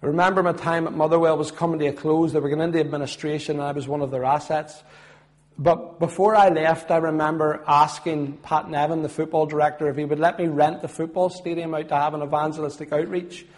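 A middle-aged Belfast man preaching his testimony in a fairly high-pitched voice. He tells his story earnestly, building to loud declarations of faith and then falling to a quiet, low delivery. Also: level tone, quick pace. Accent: Northern Irish, Belfast. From Northern Ireland. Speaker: former footballer giving testimony. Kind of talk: testimony sermon.

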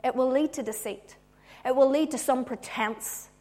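Brief: woman preacher, fairly high voice, animated sermon, jokey asides, loud then hushed. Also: normal speed. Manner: animated, swinging from loud emphasis to hushed tones; humorous asides.

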